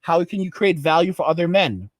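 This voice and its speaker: A man with a somewhat high voice delivers a ranting commentary, lecturing and exasperated, circling back over his words. The sound is dry and close, with no room around it. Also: lively intonation, a little fast, no room sound. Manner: exasperated, lecturing, repetitive restarts. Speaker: commentary channel host.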